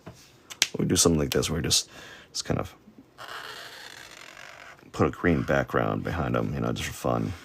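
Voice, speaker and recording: A man's voice: extremely low pitch, lively intonation, normal speed, vocal fry, pauses often, a little hiss or hum. A man streaming a drawing session live, rambling and joking about his own work as he sketches. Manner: rambling, self-deprecating, with silly sound effects. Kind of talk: casual live-stream commentary while drawing.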